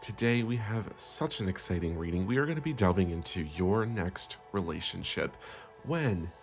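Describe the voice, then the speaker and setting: A man's voice: sits low, expressive, moderate pace, faint music behind. A man hosting a comedic parody tarot reading, sugary and melodramatic with frequent swearing. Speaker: tarot reader host.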